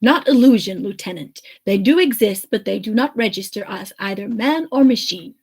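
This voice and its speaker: Precise android officer, read by a woman, measured and calm. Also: medium pitch, slightly rough. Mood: matter-of-fact.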